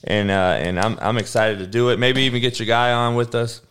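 A man's voice: mid-range voice, a little fast, a little hiss or hum. A man hosting a casual streamed sports chat, swearing freely and bantering. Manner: profane, animated, laughing banter. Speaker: sports show host.

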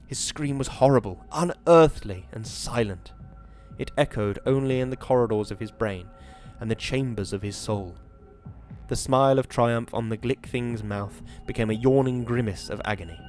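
A man hosting a podcast, giving a measured, dramatic reading of a horror novel and then chatting about it. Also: mid-range voice, a little mellow, faint music behind. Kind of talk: dramatic reading and casual commentary.

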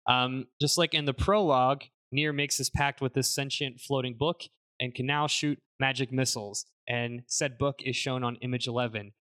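A man hosting a casual podcast, recapping a game's story in an animated way with fillers. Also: mid-range voice, normal speed. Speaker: podcast host summarizing a game. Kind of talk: casual chat.

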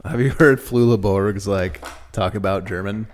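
A man's voice: lowish voice, moderate pace. A young adult man, a podcast host, casually telling funny anecdotes and laughing along. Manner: laid-back, laughs while telling anecdotes. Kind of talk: casual chat, storytelling.

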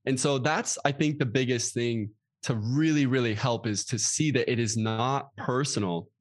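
A man co-hosting a casual talk about relationships, earnest and animated as he explains. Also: mid-range voice, no echo, studio quality. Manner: earnest, animated storytelling with quick asides.

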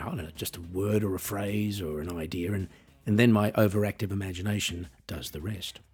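A man's voice: lowish voice, a little mellow, husky. An Australian man hosting his own podcast, delivering a wry, self-deprecating scripted monologue. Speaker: podcast host and musician.

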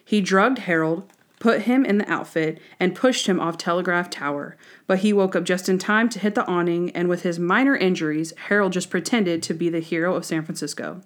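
A woman's voice: lowish voice, brisk. A woman co-hosting a podcast, first narrating an episode summary, then chatting about it animatedly with frequent laughs. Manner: animated, laughs often, acts out quotes. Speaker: podcast co-host. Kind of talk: casual chat recapping a TV episode.

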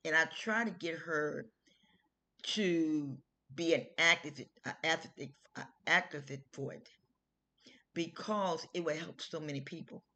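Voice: mid-range voice, a little slow, pushed and bright. Middle-aged host, casual spoken testimony, earnest, mid-range voice. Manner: conversational storytelling with informal grammar and restarts. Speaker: health video host.

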